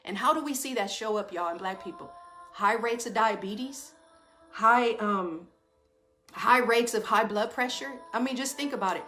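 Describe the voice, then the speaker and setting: A woman's voice: on the high side, moderate pace, sharp tone, faint music behind. A woman giving an informal talk to a group, calling them y'all and tagging her points with questions. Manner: addresses listeners as y'all, asks them questions; talks in short rising phrases with tag questions. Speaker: speaker giving a talk on trauma and stress.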